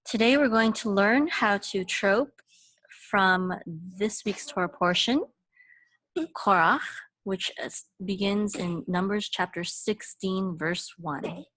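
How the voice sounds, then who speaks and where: Woman, chanting teacher, slow careful explaining, dry close sound, sung examples. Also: no room sound. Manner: explains slowly, then sings chanted examples higher and louder. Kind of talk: informal recorded lesson.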